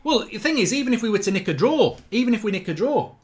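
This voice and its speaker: A man's voice: sits high, big pitch swings, fast. A man hosting a live match reaction stream, reading chat messages aloud and ranting with frequent swearing and sarcasm. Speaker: football fan livestream host.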